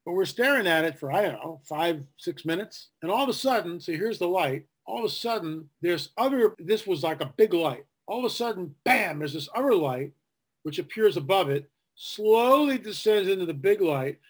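Older man, podcast guest, lively storyteller, fairly high voice, acts out quotes. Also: moderate pace. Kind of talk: casual storytelling interview.

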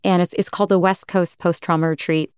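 A woman hosting a podcast, speaking gently and reflectively, affirming and questioning her guest. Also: fairly low pitch, steady tone, a little fast, clear, resonant tone, dry recording, studio quality. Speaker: podcast host. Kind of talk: empathetic interview talk.

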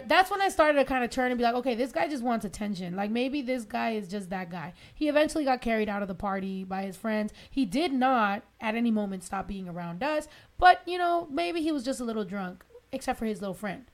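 A woman on a podcast telling a story in casual chat, animated and profane, acting out the people in it. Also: a little high, a little fast. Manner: animated, profane, acts out the people in her stories. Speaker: podcast guest.

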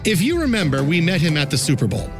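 A man co-hosting a casual sports podcast, telling an animated story and acting out what people said. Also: fairly high pitch, fast talker, over music. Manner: animated storyteller, acts out quotes. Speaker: podcast co-host.

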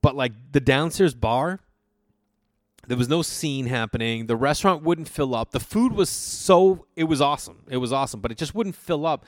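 A man's voice: medium pitch, expressive, normal speed, no room sound. Male podcast host, rambling profane storyteller, dry close sound. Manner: rambling, profane, frequent fillers and restarts. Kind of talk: casual solo storytelling.

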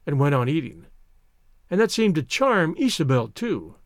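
A man's voice: fairly high pitch, very animated, normal speed, no room sound, clean studio sound. A man reading a short story aloud as narrator, shifting his voice up for the characters' lines.

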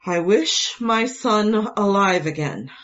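A woman voicing a frightened, stubborn father who speaks gravely and warily. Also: mid-range voice, lively intonation, takes it slowly, fairly bright tone, dull audio. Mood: wary.

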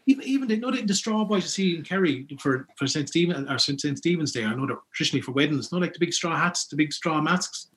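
A man's voice: on the high side, expressive, fast talker, few pauses, a bit bright. A man with an Irish accent, chatting casually about folklore he collected, rambling with lots of restarts and asides. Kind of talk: casual storytelling chat.

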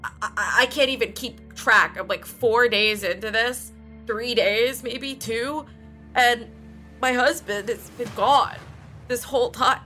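A woman's voice: a little high, takes it slowly, bright, forceful tone, faint music behind. A woman playing a clueless, self-centered podcast host who rambles with lots of fillers in an improvised comedy podcast. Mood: rambling. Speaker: podcast host playing a true crime dummy.

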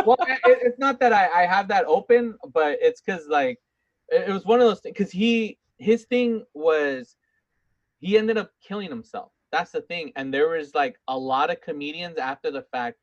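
A man's voice: high voice, normal speed, no echo, dull audio. A man in his thirties chatting casually as a podcast co-host, rambling with lots of fillers and restarts. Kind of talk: casual chat.

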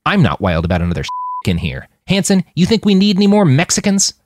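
A man's voice: sits high, wildly swooping pitch, fast, noisy background, voice pushed up. A man voicing a sneering, menacing male guard in a storybook reading. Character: snarling, bullying fat male guard.

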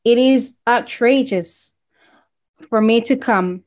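A woman's voice: on the high side, slow. A woman from Congo telling a personal story in casual conversation, acting out the voices of people she quotes.

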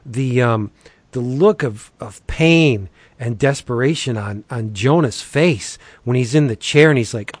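An enthusiastic man in relaxed conversation, gushing and tripping over his words as he acts out bits of dialogue. The sound is dry and close, with no room around it. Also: mid-range voice, unhurried, husky, dry recording. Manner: enthusiastic, acts out quotes, many restarts. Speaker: podcast co-host reviewing comics. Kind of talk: casual chat.

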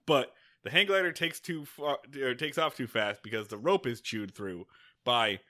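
A man co-hosting a podcast, recapping a film in casual, excitable chat, swearing freely. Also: mid-range voice, moderate pace. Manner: excitable, swearing, animated retelling with acted-out quotes. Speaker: podcast co-host. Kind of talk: casual movie-review chat.

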